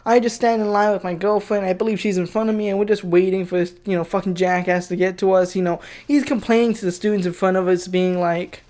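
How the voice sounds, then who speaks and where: A man's voice: high-pitched, fairly even intonation, fast, few pauses, darkish tone. A young man telling a personal story as a profane, heated rant, rambling with many fillers. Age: young adult.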